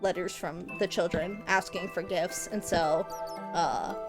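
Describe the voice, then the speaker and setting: A woman's voice: lowish voice, steady tone, unhurried, over music. A woman streaming a game, chatting casually with viewers in a rambling, goofy, giggly way. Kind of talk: casual live-stream chat while gaming.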